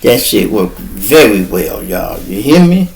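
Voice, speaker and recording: A man telling a street story on his podcast, animated and profane, acting out the voices of the people in it. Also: sits low, measured pace, vocal fry, poor audio. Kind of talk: casual storytelling.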